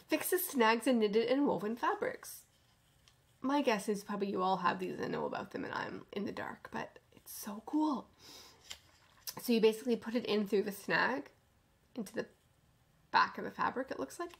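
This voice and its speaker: With a gravelly mid-range voice, a woman hosts a chatty knitting podcast, gushing enthusiastically and often lowering her voice to a soft near-whisper.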